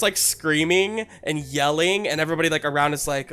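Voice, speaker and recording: A man's voice: a little high, brisk, few pauses, sharp tone, smooth, faint music behind. A man running a tabletop role-playing game as game master, narrating in a loose, rambling way with lots of fillers.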